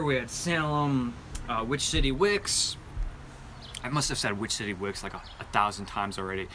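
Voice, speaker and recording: A man's voice: mid-range voice, sharp tone, a little hiss or hum. A man hosting a live show-and-tell about candles, talking in a chatty, rambling way with many fillers, eagerly describing scents. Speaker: candle review channel host.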